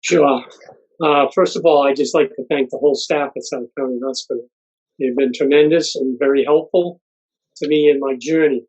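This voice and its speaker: A plain-spoken man in his sixties giving a halting thank-you speech as an honoree. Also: mid-range voice, fairly even intonation, a little mellow, slightly rough. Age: 60s. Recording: muffled lo-fi recording.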